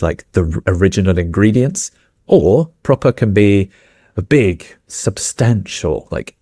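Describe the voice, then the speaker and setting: A British man co-hosting a relaxed English lesson, his voice sitting fairly low. He unpacks phrases patiently with examples, and the sound is dry with no room echo. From England. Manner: explains phrases slowly with examples. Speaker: English teacher co-host. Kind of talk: casual teaching chat.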